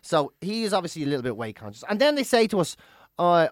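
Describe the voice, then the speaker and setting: An Irish comedian co-hosting a podcast, teasing and telling stories in quick banter. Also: mid-range voice, expressive, no echo, studio quality. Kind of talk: casual chat and anecdote.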